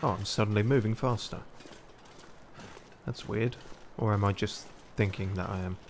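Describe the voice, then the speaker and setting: Male streamer, lowish voice, wry muttered gameplay commentary. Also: steady tone, moderate pace, a little hiss or hum. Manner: wry, self-mocking muttering to himself. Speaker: game streamer.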